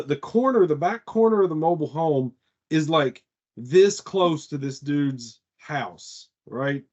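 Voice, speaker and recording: A man's voice: on the high side, a little mellow, dull audio. A man on a casual podcast telling a long story, rambling and profane, with lots of "like" fillers. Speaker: podcast co-host.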